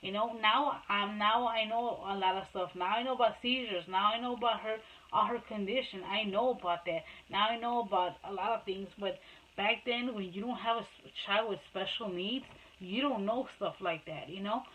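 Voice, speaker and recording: A woman's voice: medium pitch, normal speed, narrow, tinny audio. A woman talking casually about her past, rambling with many restarts and fillers, sometimes slipping into Spanish. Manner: switches between Spanish and English. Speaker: mother telling her life story. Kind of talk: casual personal storytelling.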